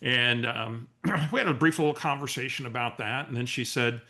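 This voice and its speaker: A man leading a coaching webinar, telling a story in an animated, restarting way. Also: mid-range voice, normal speed. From San Antonio area, US. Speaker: real estate coach. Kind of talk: webinar training talk.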